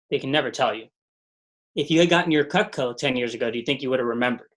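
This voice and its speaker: A man's voice: mid-range voice, fast talker, a bit bright. A man leading a motivational sales training call, telling stories and repeating mantras with energy.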